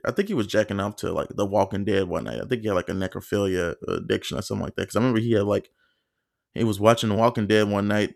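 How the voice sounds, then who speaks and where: A man's voice: on the low side, creaky, dry recording, clean studio sound. A man hosting a solo podcast, telling a story in a casual, profane, rambling way with lots of fillers and acted-out quotes. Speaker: podcast host.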